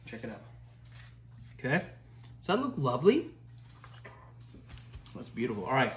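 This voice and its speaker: A man's voice: medium pitch, huge pitch swings, normal speed, fairly bright tone. Dude cooking in his kitchen, swearing and hyping the food, roomy sound, mic kinda far off. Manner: loose, swearing, hyped-up kitchen banter. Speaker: cooking show host. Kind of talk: casual cooking demonstration.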